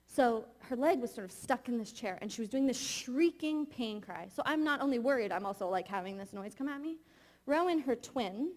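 Woman in her thirties, higher voice, honest confessional sermon storytelling. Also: expressive, fairly quick. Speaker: preacher. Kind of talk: sermon told as a personal story.

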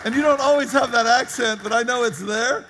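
A man's voice: very high voice, fairly quick, pushed and bright. A man leading a church prayer gathering, affirming speakers and calling on the next. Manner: affirming, encouraging responses. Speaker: prayer meeting leader. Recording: faint hum.

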